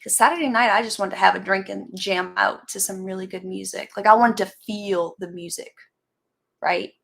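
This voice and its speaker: A woman chatting casually on her live stream, rambling from one thought to the next. She stops now and then to greet viewers by name. Her voice has a steady gravelly fry underneath. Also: medium pitch, moderate pace. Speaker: livestream host chatting with viewers.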